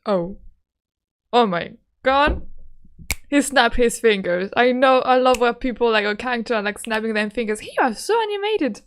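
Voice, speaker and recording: A woman streaming a game playthrough, excitable and giggly, talking loosely with lots of fillers. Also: fairly high pitch, normal speed, smooth.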